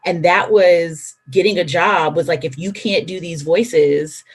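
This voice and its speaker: A woman speaking as a panelist in a casual discussion, frank and animated, acting out what others said. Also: fairly low pitch, moderate pace, few pauses, breathy edge.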